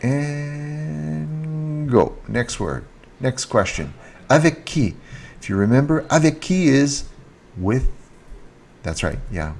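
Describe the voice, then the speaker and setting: A man teaching grammar in a video lesson, repeating example sentences and lifting his pitch on the question words. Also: very animated, a little slow, husky. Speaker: French teacher.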